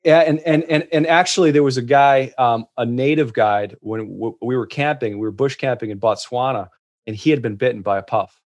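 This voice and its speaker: A man telling travel stories as a guest in casual chat, restarting often and getting lively in the punchlines. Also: medium pitch, fairly quick, lo-fi sound. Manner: animated storyteller, many restarts.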